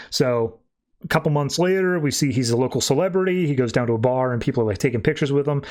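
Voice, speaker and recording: A man's voice: medium pitch, fast talker, a little mellow. Chatty man recapping a comic. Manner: chatty, peppered with "like". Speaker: podcast host. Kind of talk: casual comic book recap.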